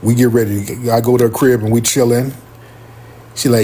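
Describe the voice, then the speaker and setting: A man hosting a live stream, telling a story casually and acting out other people's voices with big pitch jumps. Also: little pitch movement, a little fast, warm tone, slightly rough. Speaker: livestream host.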